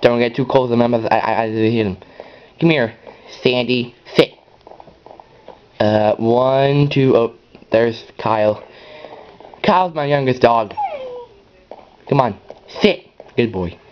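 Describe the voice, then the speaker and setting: Excitable rambling gameplay commentator, lo-fi. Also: male voice, a little slow, vocal fry. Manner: rambling, excitable, bursts into high yells. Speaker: gameplay channel host. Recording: dull lo-fi recording.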